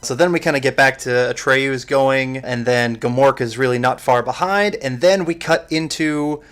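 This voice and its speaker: A man co-hosting a podcast, chatting casually about an old film with animated, excited bursts and frequent laughs. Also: medium pitch, moderate pace, clear, resonant tone. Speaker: podcast co-host. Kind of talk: casual movie discussion.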